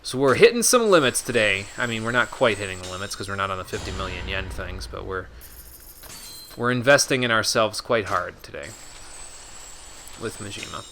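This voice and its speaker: Guy streaming a game, bright edgy voice, reads the menus out loud and chats with chat, bit of hiss. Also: fairly low pitch, lively intonation, normal speed. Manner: reads game menus aloud, chatty asides to viewers. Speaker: gaming streamer. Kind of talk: casual let's-play commentary.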